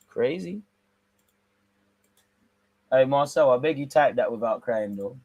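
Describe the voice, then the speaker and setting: A young man talks through a live match for his stream, mixing calm play-by-play with quick jumps into excitement. His slang-heavy banter comes at a mid-range pitch. The sound is dry and close, with no room around it. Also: dry recording. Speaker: watch-along host. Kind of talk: live football watch-along commentary with banter.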